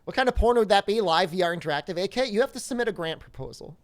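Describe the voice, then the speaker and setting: Reading out viewer questions during a casual game stream, a man jokes around in a high, clear, resonant voice. He talks rapid-fire with lively intonation.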